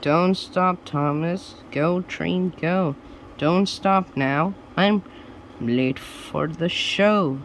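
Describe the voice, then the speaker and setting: A man reading a storybook aloud and voicing a bossy, hurried woman judge who keeps urging the train on. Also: on the high side, slight background noise. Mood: urgent. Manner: urgent, insistent calling out.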